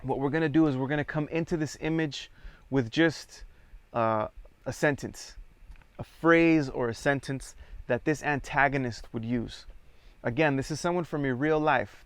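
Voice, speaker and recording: Calm and measured, a male theatre workshop leader counts his group in and prompts them through an exercise. His medium-pitched voice is smooth and resonant, recorded close and dry without room sound.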